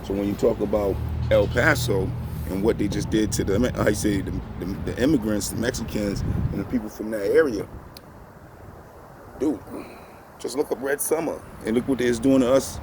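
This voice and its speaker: A man's voice: on the low side, moderate pace. A man in a casual, loose opinion rant, repeating filler words like "man" as he talks outdoors. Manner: loose, repetitive, sprinkles "man" and "stop playing". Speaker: vlogger. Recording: noisy outdoor street recording.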